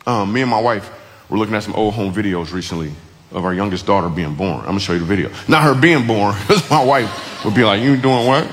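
A man's voice: lowish voice, lively intonation, fast talker, a bit bright, long reverb tail, a little hiss or hum. A man, a comedian, telling a funny family story on a radio spot.

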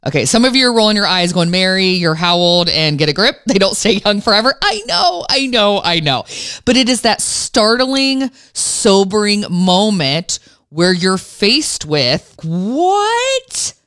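A woman radio host telling a personal story in an animated, self-mocking way. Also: mid-range voice, normal speed.

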